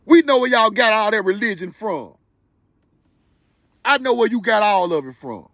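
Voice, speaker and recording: A man hosting a livestream, talking straight to his viewers in an animated, preachy, joking way with loud bursts of laughter. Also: high voice, normal speed, dry recording. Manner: talks to viewers directly. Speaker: livestream host. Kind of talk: excited livestream commentary.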